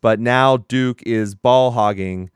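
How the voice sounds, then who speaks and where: A man's voice: mid-range voice, slow, clear, resonant tone, dry recording. Man podcaster, resonant and dry, jokey plot recap. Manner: joking, plot-recapping storyteller. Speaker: podcast co-host recapping a movie. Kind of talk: casual chat.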